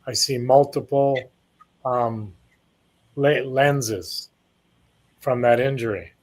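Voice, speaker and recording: A man's voice: medium pitch, takes it slowly. A man in his sixties from Canada, a former boxer telling long rambling stories in a casual interview. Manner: rambling anecdotes, acts out quoted lines.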